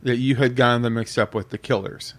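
A man's voice: mid-range voice, steady tone, fairly quick. A man co-hosting a casual podcast chat, inquisitive and enthusiastic. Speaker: podcast co-host.

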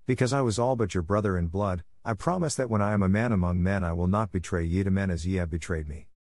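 A man's voice: deep voice, fast, darkish tone, dry recording. A man voicing a fierce, defiant boy raised by wolves in a storybook reading, commanding in manner.

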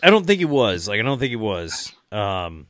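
Low-voiced male podcast guest, rambling and laughing, dry sound. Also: big pitch swings, moderate pace, a bit bright, dry recording. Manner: rambling, laughs often, swears freely. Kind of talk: casual podcast chat.

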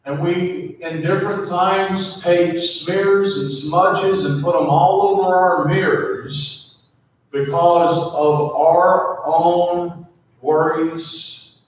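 A man preaching a sermon as pastor, slow and emphatic, repeatedly asking the congregation to speak to their neighbors. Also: high voice, steady tone. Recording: echoey hall, mic at a distance.

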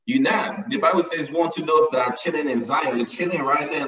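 A man's voice: a little high, moderate pace, hardly any pauses, bright, forceful tone. A man preaching a sermon with emphasis, often repeating his lines to drive them home. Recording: echoey, distant, dull sound.

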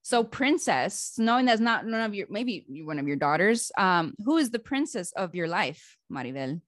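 Podcast host, woman, lively chatty delivery with frequent laughs, dry close sound. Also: mid-range voice, normal speed, no echo. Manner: animated, laughs often, chatty with restarts. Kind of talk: casual interview chat.

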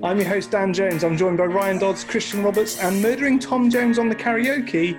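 A man's voice: high-pitched, fairly even intonation, moderate pace, over music. A man hosting a casual podcast with friends, teasing and laughing often. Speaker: podcast host. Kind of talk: casual chat among friends.

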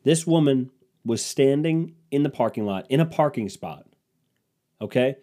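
A man's voice: mid-range voice, lively intonation, a little slow, dark tone. A young man hosting a solo podcast, telling comedic stories in a rambling, crude, self-mocking way. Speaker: podcast host.

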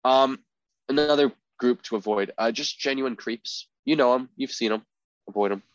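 A man's voice: mid-range voice, moderate pace, dry recording. A young man co-hosting a podcast, talking in a casual, rambling way with lots of filler words. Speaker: podcast co-host. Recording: dry, slightly dull podcast audio.

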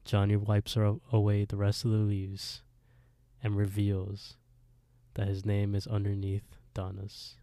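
A man with a low, mellow voice recaps a TV plot in casual chat. He jumps into the characters' lines and laughs along the way. The sound is dry and close. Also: measured pace, no room sound. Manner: animated retelling, switches between characters' lines, laughs often. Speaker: podcast co-host recapping an episode. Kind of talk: casual chat, retelling a plot with quoted dialogue.

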